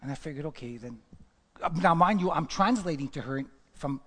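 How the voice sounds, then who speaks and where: A man preaching a sermon and telling a story, swinging between loud exclamations and hushed whispers. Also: on the high side, lively intonation, fairly quick. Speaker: pastor. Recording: long hall reverb.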